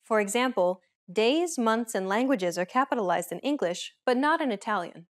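A woman hosting a language lesson, explaining the rules in a clear, measured scripted narration. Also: a little high, animated.

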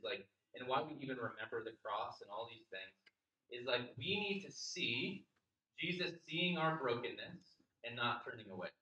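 A man's voice: medium pitch, sharp tone, highs cut off. A man preaching a sermon as pastor, talking in a conversational, earnest way and often repeating words as he thinks. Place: church sanctuary. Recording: roomy church reverb.

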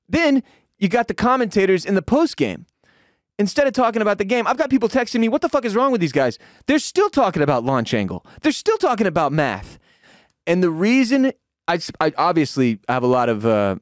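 A man's voice: brisk, no echo, studio quality. Heated, profane man ranting about sports. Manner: profane, heated rant with sudden shouted peaks; drops to low, weary tone when calming down. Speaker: podcast host. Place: home room with dogs.

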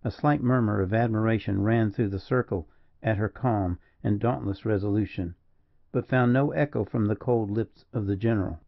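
A man giving a measured, dramatic audiobook narration. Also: lowish voice, creaky, muffled recording. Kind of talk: scripted narration.

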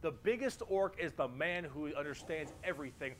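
Man, higher-pitched voice, casual lore explainer, jokey and profane. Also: normal speed. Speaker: lore video narrator.

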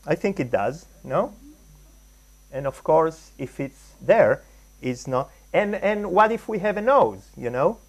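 Give me a man from Israel with a slightly high voice, lecturing at a conference with frequent pauses and restarts. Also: lively intonation. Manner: hesitant, many ums and restarts. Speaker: guest lecturer, artist. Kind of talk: conference talk on caricature. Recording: live lecture hall talk.

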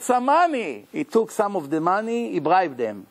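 A man telling a religious story in a sermon, animated, chuckling often and acting out the quotes. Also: sits high, normal speed, hardly any pauses, no echo.

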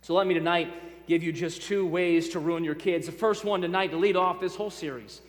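A man's voice: high-pitched, steady tone, fairly quick. A male pastor preaching a sermon, emphatic, repeating key phrases and speaking directly to his congregation with light humor. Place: church sanctuary. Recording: reverberant church hall.

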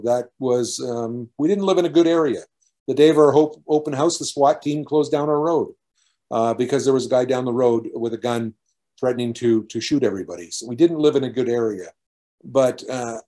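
A middle-aged man from Canada preaches, recounting a personal story of faith to his congregation. His voice is mellow and dark, sitting in an ordinary middle pitch. He talks earnestly, often restarting his words as he goes. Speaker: pastor. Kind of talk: testimony sermon.

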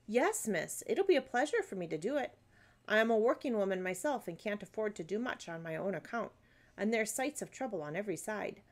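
A woman's voice: mid-range voice, very animated, brisk. A woman voicing a kind, chatty working-class baker woman with homely, rustic speech, reading a storybook aloud. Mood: warm. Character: kindly working-class female baker, middle-aged, chatty.

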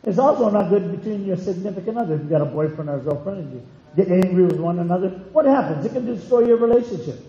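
A man's voice: sits high, animated, fast, dark tone. A man preaching a sermon as pastor in a church, folksy and conversational, telling homey stories. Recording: dull echoey hall recording.

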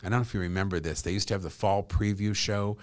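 A middle-aged man chatting as a podcast guest, telling lively stories and laughing as he talks. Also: on the low side, fast talker, no room sound. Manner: animated storyteller, laughs while talking. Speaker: guest, actor and comedian. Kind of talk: casual podcast chat.

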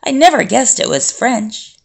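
A nervous young male interviewer, read by a woman, who sounds hesitant and timid. The voice has a gravelly edge to it. It is an audiobook reading. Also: fairly high pitch, big pitch swings, normal speed, pitched above the performer's own voice, exaggerated voice.

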